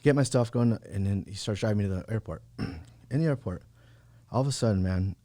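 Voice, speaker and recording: With a fairly low, warm voice and a fairly quick pace, a man recounts a personal story on a podcast. He's a real estate agent appearing as a guest in the studio, keeping it laid-back and sprinkled with "bro" and "like."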